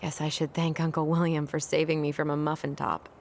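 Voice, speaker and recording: A weary, sardonic young woman from a story game, low in pitch. Her dry delivery comes over game audio with audible noise behind it. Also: little pitch movement, brisk. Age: young adult. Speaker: game character. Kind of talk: video game voice acting.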